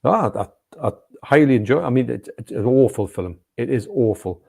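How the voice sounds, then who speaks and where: A man, co-hosting a casual film chat, enthusiastic and quick to laugh, often restarting his sentences. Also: mid-range voice, animated, creaky, a little mellow. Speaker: co-host.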